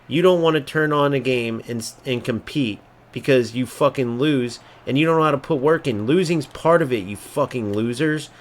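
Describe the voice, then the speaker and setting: A man's voice: medium pitch, moderate pace, hardly any pauses. A man ranting angrily and swearing freely while commenting on his own football video game match, mocking opponents and muttering between outbursts. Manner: angry, profane, swings between mocking and muttering. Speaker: gaming streamer. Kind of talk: ranting live gameplay commentary.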